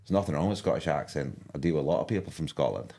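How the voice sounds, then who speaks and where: Very deep-voiced man with a broad Yorkshire accent. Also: lively intonation, racing, warm tone. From West Yorkshire, England. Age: older. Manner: rambling, with many restarts and fillers. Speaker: fishing commentator. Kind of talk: casual live-stream chat.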